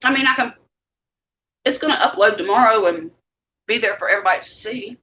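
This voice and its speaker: Bright and forceful, with a fairly high pitch and a brisk pace, a middle-aged Southern woman from the Mississippi Gulf Coast chats casually on her live stream as she eats. The vlog host is homey and talkative, and the stream sound is dull and lo-fi.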